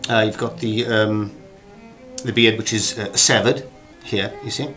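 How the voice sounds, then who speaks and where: A man from Wales delivers a spoof acting lesson in a deadpan, rambling way, pausing often to search for words. His voice sits fairly low. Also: soft background music. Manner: rambling, hesitant, many ums and uhs. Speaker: comedy acting tutor. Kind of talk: deadpan mock masterclass.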